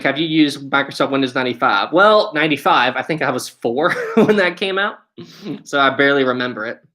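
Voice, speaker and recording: West Virginian man, 20s, live-stream host, bright tone, friendly and repetitive. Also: medium pitch. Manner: friendly, repeats "really, really". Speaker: channel host.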